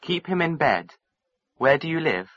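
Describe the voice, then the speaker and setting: A brisk male doctor reassures a caller, read by a man in a bright, lively, unhurried voice. The textbook dialogue is read dry. It sits on a dull lo-fi recording. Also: on the high side, no echo, heavily acted. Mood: reassuring.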